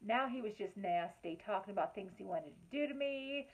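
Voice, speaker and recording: A woman telling a personal story in a casual, chatty vlog, with lots of fillers and an animated way of retelling conversations. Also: medium pitch, a little fast, highs cut off. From Lexington, Kentucky. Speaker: vlogger.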